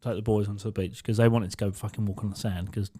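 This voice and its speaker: A man's voice: on the low side, flat delivery, fast talker, mellow, slightly rough. A young man co-hosting a podcast, telling sweary stories in casual chat and laughing as he goes. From England. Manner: sweary storyteller, laughs often, acts out voices in quotes. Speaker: podcast co-host. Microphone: studio mic on arm.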